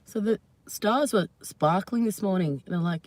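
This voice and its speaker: A woman's voice: medium pitch, moderate pace, a little mellow, no room sound. A woman losing her voice and coughing now and then, talking in a rambling, emotional, confiding way to her viewers on a live stream. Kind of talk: casual live-stream monologue.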